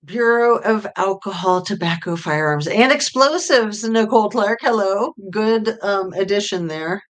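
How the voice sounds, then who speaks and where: A woman's voice: medium pitch, expressive. A middle-aged woman hosting a true crime livestream, chatting casually with viewers in a rambling way full of fillers. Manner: rambling, with many fillers and pauses. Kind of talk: casual livestream chat reading viewer comments.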